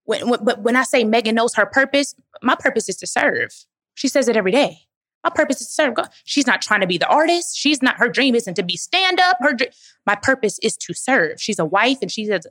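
A woman's voice: on the high side, expressive, a little fast, fairly bright tone, no room sound. Emphatic motivational woman, dry sound. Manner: emphatic, motivational, calls listeners baby. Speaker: guest speaker answering audience questions. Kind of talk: live Q&A talk.

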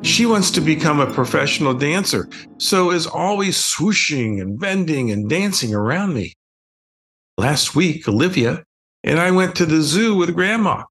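An older man, the author, reading his children's book aloud as a slow, expressive bedtime story. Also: a little high, soft background music.

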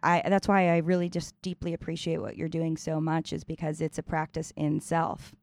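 A woman hosting a casual conversation, speaking reflectively and often pausing to find the right words. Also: sits low, level tone, vocal fry, darkish tone, no room sound.

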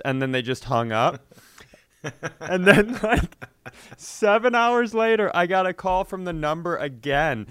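Comedian host, male, smooth clear tone, animated storyteller. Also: high-pitched, unhurried, no echo, clean studio sound. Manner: animated, acts out phone voices, laughs mid-story. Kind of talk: casual storytelling.

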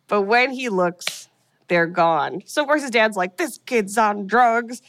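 A woman's voice: on the high side, no echo, clean studio sound. Chatty woman animatedly recapping a film. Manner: animated retelling, voicing characters in quick asides. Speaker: podcast co-host recapping a film. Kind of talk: casual chat.

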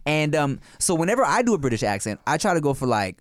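A man hosting a podcast in casual, animated chat, swearing freely, laughing often and slipping into voices. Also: a little high, quick pace, no room sound. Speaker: podcast host.

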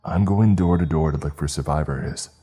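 A man's voice: extremely low pitch, normal speed, mellow, breathy edge. A man voicing a sinister stranger who smiles as he speaks through the door. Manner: falsely friendly, sinister.

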